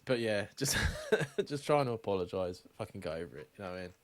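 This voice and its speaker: A man's voice: on the low side, expressive, fast. A young man co-hosting a podcast, telling stories in casual, sweary chat and laughing often. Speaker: podcast co-host.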